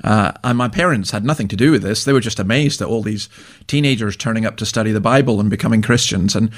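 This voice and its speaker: A man's voice: on the low side, fast. A middle-aged Scottish man, a minister, talking casually as an interview guest, chatty and self-deprecating with many restarts. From Scotland.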